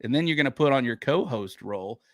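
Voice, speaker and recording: A man's voice: mid-range voice, expressive, fast, a bit bright, no echo, studio quality. A man hosting a casual live stream, laid back, laughing often and reading out viewer questions. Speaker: show host.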